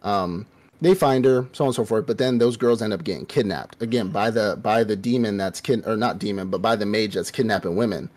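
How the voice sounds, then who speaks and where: A man's voice: fairly low pitch, brisk, darkish tone. A man co-hosting a podcast, telling an anime plot in loose, profane casual chat and acting out the characters' lines. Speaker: podcast co-host.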